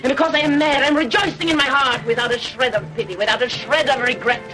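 A vengeful betrayed wife. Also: female voice, high-pitched, quick pace, pushed and bright. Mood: bitter triumph. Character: wronged wife turning on her deceiver, bitter and vengeful. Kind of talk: 1940s film acting. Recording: old film soundtrack with music, distant.

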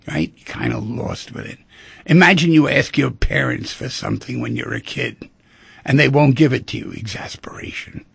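The middle-aged host swings hugely in pitch around a mid-range voice that's creaky, a bit bright and slightly rough, with no room sound. Moving at a moderate pace, he reflects on love and feelings, acting out quoted voices.

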